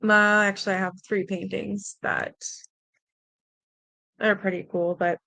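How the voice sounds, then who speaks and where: A woman's voice: medium pitch, flat delivery, measured pace, creaky, pushed and bright, dry recording. A young adult woman hosting a stream, telling a personal ghost story in a rambling, casual way with lots of fillers, mild swearing, and an earnest, spooked tone. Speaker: host.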